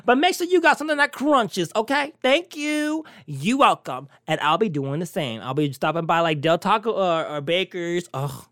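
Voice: medium pitch, fairly bright tone, no room sound, clean studio sound. A talk show host in a casual solo chat, sassy, brash and teasing with the listeners. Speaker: podcast host.

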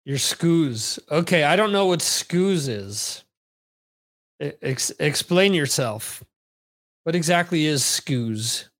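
Man, podcast host, casual chat, slow, slightly high voice, rambling, self-correcting. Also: lively intonation, a bit bright. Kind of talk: casual livestream chat, reading viewer comments.

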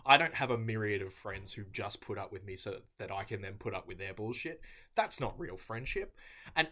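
A man giving a mock-earnest, deadpan comedic debate speech. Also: lowish voice.

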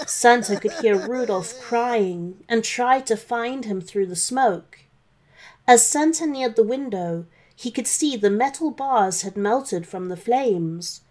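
A woman narrating a children's story in a gentle, expressive read-aloud manner. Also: medium pitch.

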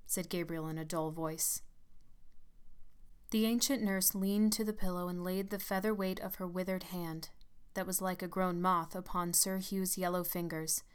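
A woman narrator reads a story in a measured way. Her voice is smooth and clear, sitting a little low. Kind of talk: scripted narration.

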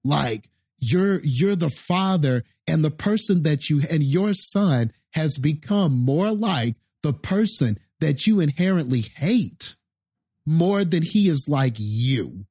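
Slow, husky man ranting. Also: fairly high pitch, lively intonation, darkish tone, dry recording, clean studio sound. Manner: passionate, ranting about wasted potential. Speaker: movie discussion co-host. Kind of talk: casual chat.

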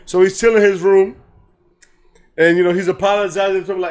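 Podcast co-host, male, high-voiced, loose and laughing storyteller who swears freely. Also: fast, pauses often. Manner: animated storytelling, acts out lines, laughs often, swears freely. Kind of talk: casual chat.

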